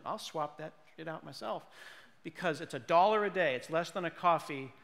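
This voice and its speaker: Male conference speaker, playful comic delivery, slightly high pitch, hall reverb. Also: normal speed. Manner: animated, jokey, mimics people with put-on voices. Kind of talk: comedic tech keynote.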